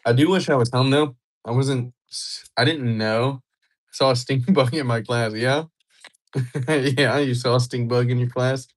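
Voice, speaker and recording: A man's voice: mid-range voice, steady tone, a little slow. Laid-back man chatting on a livestream. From Georgia, USA. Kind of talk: casual live-stream chat reading viewer comments.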